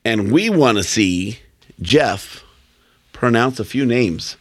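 A man's voice: medium pitch, lively intonation, slow pace, no room sound, studio quality. A man co-hosting a casual podcast, speaking bluntly and with strong opinions, often restarting his sentences. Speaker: podcast co-host.

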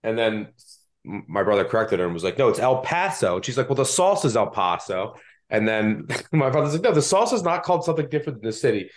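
A man's voice: lowish voice, animated, fast talker. A man with a Delaware County accent hosting a sports betting podcast in a chatty, self-deprecating way. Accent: Delaware County (Philadelphia area). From Delaware County, Pennsylvania. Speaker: podcast host.

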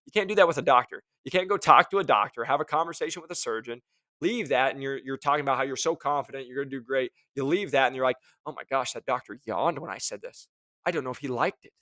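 A man hosting a casual motivational talk to his listeners, energetic and jokey, often acting out what other people say. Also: mid-range voice, quick pace, no room sound, studio quality. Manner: energetic, jokey, acts out quoted voices. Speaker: host.

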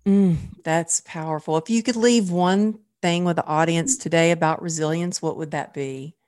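Woman, podcast host, gushing, casual chat, slightly low pitch. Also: steady tone, moderate pace, a little mellow. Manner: effusive, gushing with praise.

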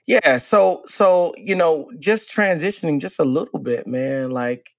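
A man in his forties, co-hosting a casual podcast as a relationship coach. He talks earnestly and reflectively, drawing out key phrases slowly. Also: a little high, no room sound, clean studio sound.

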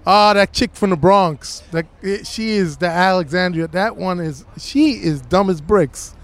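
A man's voice: sits high, unhurried. A man interviewed on the street, ranting in a rambling, heated way full of "you know"s. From Latino heritage, United States. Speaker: passerby interviewee. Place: outdoors on a city street.

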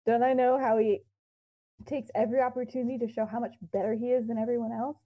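A woman's voice: fairly high pitch, level tone, fast talker, dark tone, poor audio. A young woman co-hosting a podcast, casually retelling a fan-fiction story with quoted dialogue, lots of fillers and giggles.

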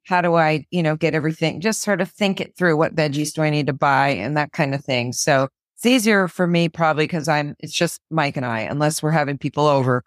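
A woman co-hosting a casual chat, thinking aloud in a gentle, reassuring way. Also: low-pitched, fairly quick, hardly any pauses, no room sound, studio quality.

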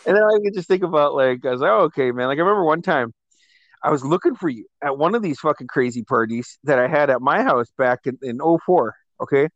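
This host, a man with a slightly high voice, talks fast while telling rowdy party stories in a casual chat. He swears freely and laughs as he goes, animated throughout. The audio is dull, with no room sound.

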